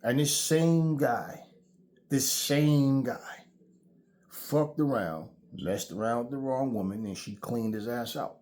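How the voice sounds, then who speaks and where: A man's voice: medium pitch, takes it slowly, a little mellow. Blunt, profane man ranting. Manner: blunt, profane, preachy storytelling. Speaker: channel host. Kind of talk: casual ranting monologue.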